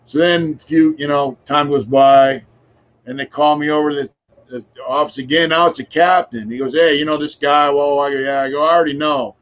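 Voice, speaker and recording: A man's voice: a little high, steady tone, brisk, fairly bright tone, highs cut off. A man around sixty, a podcast guest, tells long casual stories in a frank, rambling way with plenty of filler phrases and the odd curse. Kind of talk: casual conversational storytelling.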